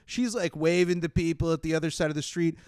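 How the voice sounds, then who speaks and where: A man hosts a comedy podcast with a smooth, slightly high voice. He chats loosely, laughing and tossing in "dude" often. The close mic sounds dry. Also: fairly even intonation, fast talker, darkish tone, dry recording. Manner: laughs a lot, says "dude", puts on voices for quotes. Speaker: podcast host. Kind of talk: casual comedy podcast chat.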